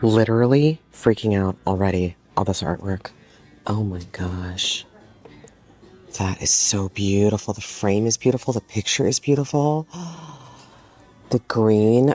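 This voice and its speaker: A woman reseller talking casually in a thrifting vlog, excitable and gushing, often dropping into a whisper, recorded on a handheld phone in a thrift store. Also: extremely low pitch, normal speed, soft background music. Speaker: vintage home decor reseller.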